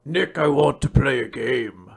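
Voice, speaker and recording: A podcaster doing a mock-sinister impression of a puppet-master killer announcing a game, in a lowered voice. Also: a little slow, breathy edge.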